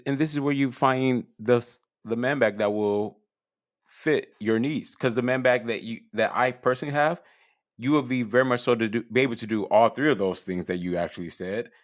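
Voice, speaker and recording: A man's voice: mid-range voice, moderate pace. A man co-hosting a podcast, rambling and defending his point in casual banter. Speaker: podcast co-host.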